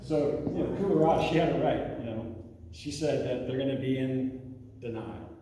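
Speaking at a normal pace in a mid-range voice, a man who directs youth ministry leads a talk for parents at a church. He keeps it conversational, frequently asking "okay?", while background noise and the echo of the hall come through a distant recording.

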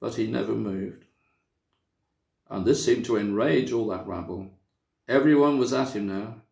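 A man from a church reading a children's story aloud, with measured, dramatic storytelling. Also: on the low side, creaky, darkish tone. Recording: echoey room.

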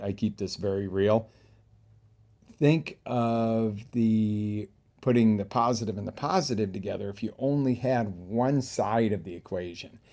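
A man giving a motivational coaching talk, animated, jumping between loud bursts and quiet asides and acting out examples. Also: medium pitch, gravelly. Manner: talks through examples with acted-out inner voices. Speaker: fitness coach.

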